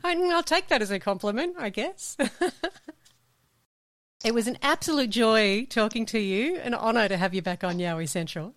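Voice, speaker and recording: A woman's voice: a little high, animated, normal speed, fairly bright tone, no room sound, clean studio sound. An Australian woman hosting a podcast, chatting casually and laughing often. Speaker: podcast host. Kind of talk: casual chat.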